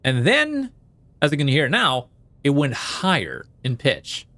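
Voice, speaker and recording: Here the let's play host sounds bright and forceful, his mid-range voice making huge pitch swings at a slow pace. He rambles playfully while narrating the game's text, restarting often and stuffing in fillers. He tries out silly accents, jokes about botching them, and cracks himself up.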